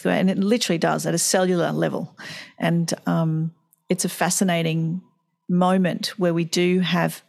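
A woman's voice: lowish voice, gravelly, a little mellow. A woman hosting a conversational interview, asking reflective, thoughtful questions. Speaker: host.

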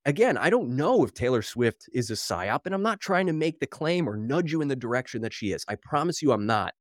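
A man hosting a solo podcast, talking in a wry, worked-up way and sounding slightly out of breath. His voice sits at an ordinary middle pitch. The sound is close and dry, with no room around it. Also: dry recording. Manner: animated, wry, worked up, reading headlines aloud. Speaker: podcast host.

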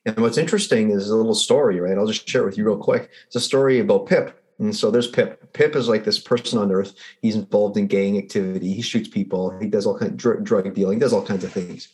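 A man who works as a results coach, a guest on a podcast, telling stories in a lively way and acting out the people in them. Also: on the low side, fast talker, few pauses. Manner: animated storyteller who acts out the people in his stories. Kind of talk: casual conversation with storytelling.

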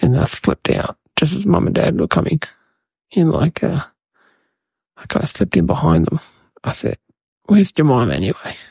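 A man's voice: fairly high pitch, sing-song, moderate pace, creaky, long pauses, a little mellow, husky, no room sound, heavily acted. A man voicing a mischievous, chatty young boy who rambles to the viewers in a comedic monologue. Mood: rambling. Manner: rambling, addresses viewers as guys.

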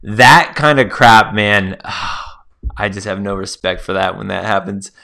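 A man with a bright, forward voice hosts a solo podcast, chatting casually to his listeners. He tells stories loosely and keeps them conversational. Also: fairly low pitch, fairly even intonation, slow, creaky. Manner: chatty, storytelling, addresses listeners as guys. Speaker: podcast host.

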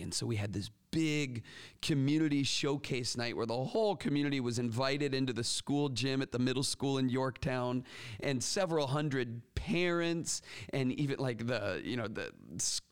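A man hosting an education podcast, talking in an energetic, chatty way with frequent restarts. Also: medium pitch. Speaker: podcast host. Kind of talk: casual podcast talk.

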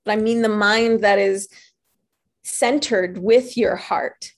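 A woman life coach giving a motivational talk, earnest and animated as she tells stories. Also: mid-range voice, takes it slowly.

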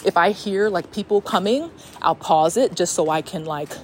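A woman's voice: on the low side, normal speed, a little hiss or hum. A young woman hosting a podcast in a casual, rambling, profane chat, recorded on a phone voice memo. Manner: chatty, profane, rambling with fillers. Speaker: podcast host.

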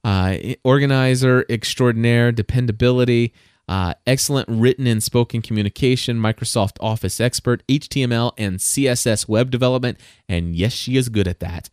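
A man's voice: mid-range voice, brisk, clear, resonant tone, dry recording, studio quality. Rambling, enthusiastic male podcast host. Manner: rambling, storytelling with many restarts and repeated words; enthusiastic, animated when telling stories. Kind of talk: casual solo podcast monologue.

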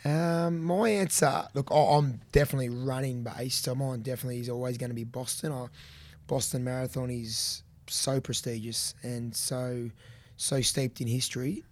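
A man's voice: medium pitch, fairly even intonation, normal speed, darkish tone. An Australian man co-hosting a running podcast, chatting casually and teasing his co-host. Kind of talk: casual chat.

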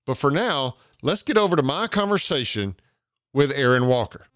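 A man's voice: medium pitch, animated, moderate pace, fairly bright tone, dry recording, clean studio sound. A man with a Southern US accent from Georgia, hosting a podcast interview in an earnest way and often restarting his phrases. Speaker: podcast host.

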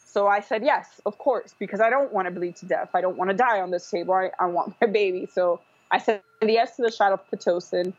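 A woman's voice: medium pitch, a little fast, few pauses, no echo. Woman, podcast guest, casual rambling storyteller, dry and dull-sounding recording. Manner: rambling, with frequent fillers and restarts. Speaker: guest telling her birth story.

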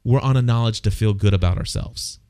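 A man's voice: lowish voice, fairly quick, dark tone, smooth, no room sound, studio quality. A man co-hosting a casual faith talk, speaking earnestly and often repeating words as he thinks. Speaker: co-host.

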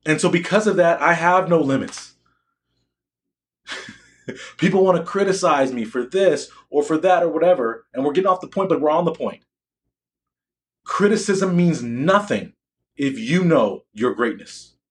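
Addressing students, a young man delivers a boastful, emphatic motivational speech and keeps asking the crowd questions. He speaks at a normal speed with frequent pauses, in an expressive, slightly high voice.

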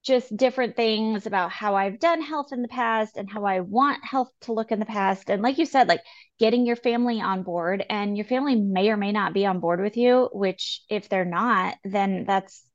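A woman's voice: medium pitch, muffled recording. Earnest woman podcast co-host. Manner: earnest, encouraging, quotes people in quick asides. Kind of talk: casual health podcast chat.

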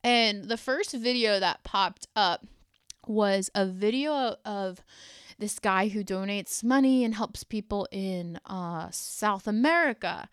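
A woman's voice: mid-range voice, slow, clear, resonant tone, no room sound, clean studio sound. A woman hosting a solo motivational podcast, talking in an earnest, heartfelt way with casual fillers. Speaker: podcast host.

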